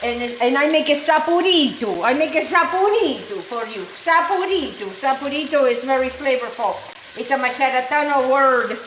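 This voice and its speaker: This is a high-voiced woman from Calabria who hosts a cooking vlog, chatting in an animated, wandering way. She keeps calling the viewers guys. The kitchen sounds echoey, with a pan sizzling faintly behind her. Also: a little hiss or hum. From Calabria, Italy. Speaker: cooking show host. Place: home kitchen. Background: sizzling pan, stirring.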